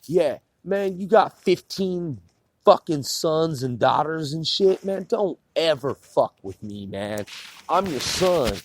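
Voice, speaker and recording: A man's voice: a little high, expressive, takes it slowly, noisy background. A man from the Puget Sound area ranting in a heated, profane, repetitive way into a phone. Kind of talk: angry rant to camera.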